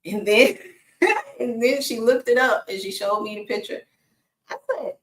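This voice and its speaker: A woman's voice: a little high, expressive, a little slow, long pauses. A woman who works as a single mom coach, telling stories in a casual chatty vlog and laughing often. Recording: echoey room.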